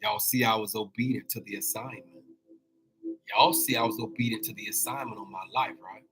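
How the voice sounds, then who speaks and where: A man's voice: lowish voice, fairly even intonation, over music, rough recording. A man hosting a casual spiritual motivational talk. He speaks in colloquial language, repeats himself, and calls out directly to his listeners. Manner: colloquial, drawn-out phrasing. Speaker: host.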